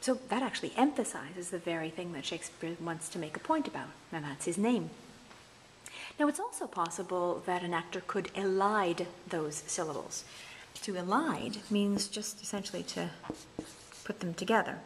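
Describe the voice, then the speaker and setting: A woman's voice: on the low side, animated, normal speed, a little hiss or hum. A woman teaching a university English lesson, explaining verse rhythm and chanting stress patterns aloud. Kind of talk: recorded lecture.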